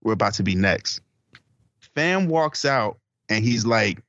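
A man's voice: lowish voice, animated, a little slow, a bit bright, dry recording, muffled recording. A man co-hosting a podcast, telling a story in a casual chat with friends, acting out the people in it, swearing and laughing often. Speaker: podcast co-host.

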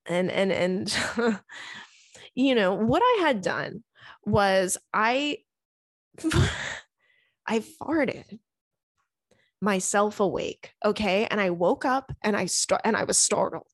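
A woman's voice: mid-range voice, expressive, slow pace, long pauses, no room sound, clean studio sound. A young adult woman hosting a podcast, chatting casually and swearing freely as she tells funny stories. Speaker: podcast host. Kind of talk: casual chat.

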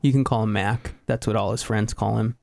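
A man co-hosting a podcast, chatting casually with a playful, deadpan teasing manner and frequent laughs. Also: lowish voice, brisk, vocal fry, no echo, clean studio sound. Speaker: podcast co-host. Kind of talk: casual joking chat.

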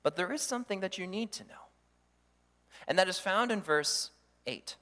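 A man preaching a sermon as pastor, animated, acting out the voices he quotes. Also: high-pitched, moderate pace. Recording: long hall reverb.

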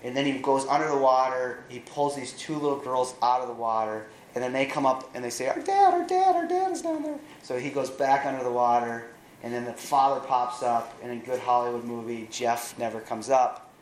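A man preaching, retelling a film's plot in an animated way with wry asides. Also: mid-range voice, brisk, hardly any pauses, echoey room, slight background noise, rough recording. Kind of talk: sermon storytelling.

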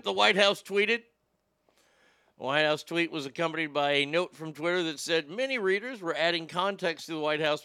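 A sarcastic, foul-mouthed man riffs on the headlines like a show host. His voice sits high and bright with a gravelly edge. The sound is close and dry. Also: no room sound. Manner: sarcastic, profane, mocking. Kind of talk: crude political commentary.

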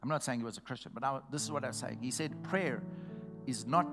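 A man preaching a sermon, telling a testimony in a storytelling way that builds to shouted exhortation. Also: mid-range voice, quick pace, gravelly, music in the background.

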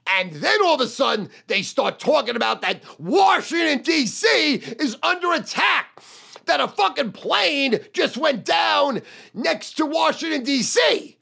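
A man telling a wild personal story in a brash, profane, loud and boastful way. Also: very high voice, big pitch swings, slow pace, gravelly. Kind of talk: storytelling monologue.

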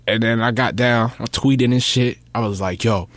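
A man's voice: moderate pace, no room sound. A man in casual chat, telling stories with lots of swearing and acting out quotes. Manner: animated, profane, acts out quotes with big pitch swings.

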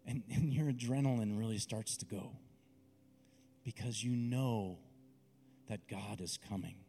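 A male preacher with a mellow, warm voice leads a guided visualization in a sermon. He speaks slowly and intimately, with dramatic weight, over faint music playing behind him. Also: fairly low pitch. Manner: slow, intimate, dramatic delivery.

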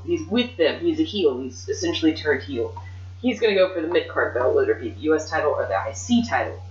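Woman in casual podcast talk, muffled room echo. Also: low-pitched. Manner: excited, swears freely, acts out wrestlers' lines. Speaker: podcast host booking wrestling matches. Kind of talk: casual chat.

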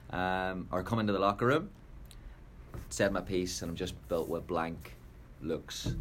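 A man hosting a coaching podcast, speaking in a measured, reflective way as he tells stories. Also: low-pitched, a little hiss or hum. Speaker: podcast host, soccer coach. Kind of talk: podcast chat and storytelling.

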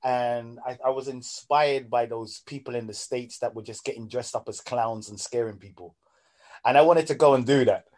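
A man's voice: mid-range voice, normal speed, darkish tone. A man from the United Kingdom chatting casually, eager and teasing, often restarting his sentences. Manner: enthusiastic, teasing, stumbling restarts. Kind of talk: casual chat.

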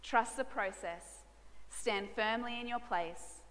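Woman, pastor, passionate sermon, emphatic repetition, high ringing voice, long hall echo. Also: slow, a bit bright. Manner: passionate, emphatic preaching with repeated lines. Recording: reverberant hall with music behind.

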